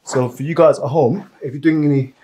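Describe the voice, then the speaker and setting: A man's voice: on the high side, fairly even intonation, fairly quick, dark tone, roomy sound, rough recording. A man working as a massage therapist, chatting casually and laughing often while he massages. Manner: laughs often, loose slangy storytelling.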